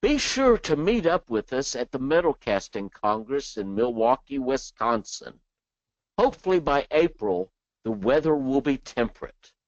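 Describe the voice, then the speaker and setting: Male webinar presenter, chatty and joking, animated delivery, dry muffled recording. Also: mid-range voice, a little slow, no echo. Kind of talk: software training webinar. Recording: dull dry lo-fi sound.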